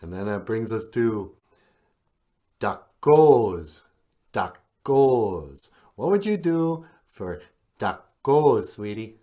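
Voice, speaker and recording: Very slow, lively-voiced man teaching words. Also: fairly low pitch. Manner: encouraging, calls partner sweetie. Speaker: podcast host teaching words. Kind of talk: language lesson, casual.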